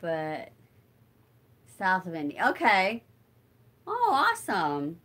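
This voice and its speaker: A woman's voice: lowish voice, huge pitch swings, slow, a bit bright. A middle-aged woman hosting a casual livestream, chatting with viewers and answering comments while she crafts, rambling and thinking aloud with lots of fillers. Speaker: livestream host.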